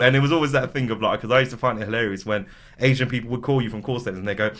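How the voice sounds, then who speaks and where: A man's voice: mid-range voice, rapid-fire, slight background noise. A man, a podcast guest chatting casually and telling stories, slipping into silly voices. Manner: lively storyteller, slips into silly voices. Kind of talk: casual chat.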